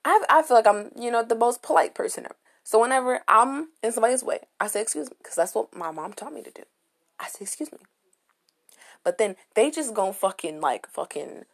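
Young woman podcasting solo, blunt and animated, swears a lot, super casual. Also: mid-range voice. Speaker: podcast host.

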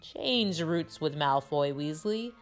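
A woman's voice: deep voice, lively intonation, slow, soft background music. A woman reading aloud and voicing a cold, sneering male potions teacher in a cutting manner. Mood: icy.

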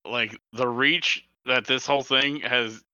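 A man co-hosting a podcast, chiming in casually with quick reactions. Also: medium pitch, fairly even intonation, pushed and bright, no room sound, dull audio. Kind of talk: casual chat.

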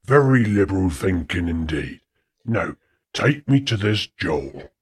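A man's voice: very animated, heavily acted. A man playing a kind, courteous French village doctor in an amateur audio drama. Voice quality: very husky, slow and low. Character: kindly old-fashioned male village doctor, French. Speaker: doctor character.

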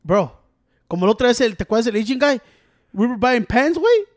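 A Mexican-American man who co-hosts a loose podcast chat, switching between English and Spanish slang. His voice is high for a man and swoops up and down as he rushes through crude, teasing jokes. He laughs loudly and often. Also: sing-song. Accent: Mexican-American, mixing in Spanish. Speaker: podcast co-host. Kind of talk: casual chat.

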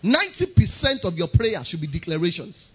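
A man's voice: high voice, sing-song, a little fast, muffled recording, faint music behind. A man preaching a sermon, emphatic and driving his points home by repeating key phrases.

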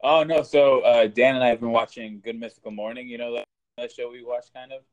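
Fast-talking man in podcast chat. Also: mid-range voice, steady tone, dull audio. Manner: quick, chatty, playful. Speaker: podcast co-host. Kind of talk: casual chat.

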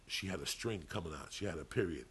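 A man's voice: low-pitched, fast, a bit bright, breathy edge. A man co-hosting a podcast, telling a long story in a casual, profane, rambling way. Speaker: podcast co-host.

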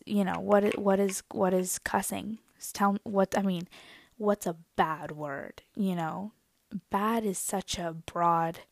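A woman's voice: medium pitch, vocal fry, no room sound, studio quality. A woman hosting her own podcast, telling stories in a chatty, rambling way full of asides. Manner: chatty and rambling, full of "I mean" and "you know". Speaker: podcast host. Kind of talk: casual solo podcast storytelling.

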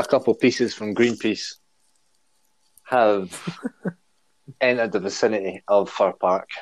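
A man's voice: fairly low pitch, darkish tone, no room sound, poor audio. A man with a Scottish accent joining a casual football chat, improvising bits and stumbling through them. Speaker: co-host.

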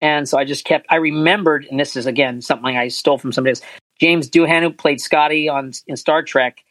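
A man's voice: on the high side, steady tone, fast, fairly bright tone, dry recording, low-quality recording. Earnest rambling man, dry sound. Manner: rambling, restarts often, earnest. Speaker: voice actor guest. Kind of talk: casual interview chat.

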